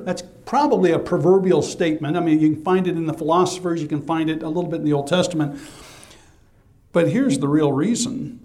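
A man's voice: fairly high pitch, fairly even intonation, brisk, a little mellow. A man preaching a sermon as pastor, emphatic and conversational, asking rhetorical questions and answering them himself.

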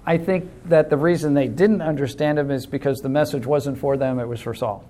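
A man's voice: on the high side, steady tone, a little fast, mellow. A man teaching a Bible study class in a conversational way, explaining with simple illustrations and calling on class members.

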